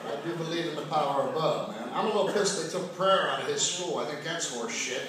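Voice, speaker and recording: A man's voice: fairly high pitch, animated, quick pace. A man doing a stand-up routine in a large casino showroom, with wry, self-mocking storytelling. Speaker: stand-up comedian. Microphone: handheld stage mic, recorded by a phone in the audience. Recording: echoey noisy far-off audience recording.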